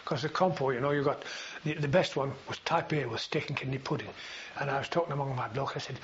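A man's voice: medium pitch, fairly even intonation, fast, few pauses. An older man recounting his memories in an oral history interview, rambling with frequent fillers and restarts. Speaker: veteran interviewee. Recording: dull lo-fi recording with faint hiss.

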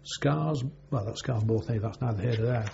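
An older man reminisces in an oral history interview, his voice gravelly and dark. He wanders through his memories with many pauses and fillers. The recording is muffled, with a low hum underneath. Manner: rambling, halting, with many fillers. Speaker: interviewee, former navy sailor. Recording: dull lo-fi recording with faint hum.

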